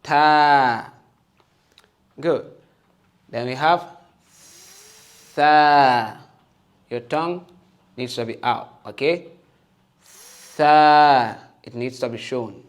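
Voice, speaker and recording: A man teaching the Arabic alphabet and Quran reading, patient and encouraging, often checking with "okay?" and sounding out each letter loudly for listeners to repeat. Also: medium pitch, moderate pace, pauses often. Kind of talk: slow patient alphabet lesson with call-and-repeat.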